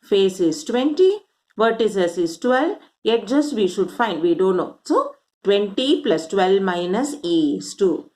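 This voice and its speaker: A woman with a medium-pitched, dark voice and big swings in pitch teaches maths slowly. In this classroom lesson she explains step by step, counting aloud and asking rhetorical questions.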